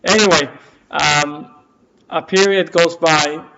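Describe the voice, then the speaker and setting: A man's voice: a little high, steady tone, slow pace, bright, forceful tone. A man teaching a class and telling a story, with many fillers and restarts, acting out the quoted lines. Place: community center classroom. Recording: dull lo-fi room recording.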